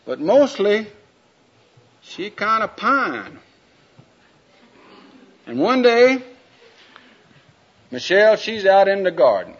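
A man preaching a sermon, telling a folksy story in a drawn-out, homespun way. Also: high-pitched, sing-song. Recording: dull lo-fi recording.

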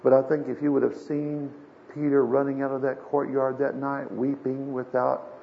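A man's voice: mid-range voice, completely flat delivery, moderate pace, gravelly. An older man preaching a sermon as a pastor, folksy and storytelling, with emphatic swells. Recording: dull lo-fi sermon recording with faint hiss.

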